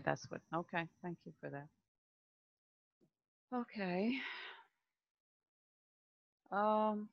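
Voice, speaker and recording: A questioner from France with a French accent, asking hesitant, quiet questions in a session. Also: mid-range voice, no echo, muffled recording.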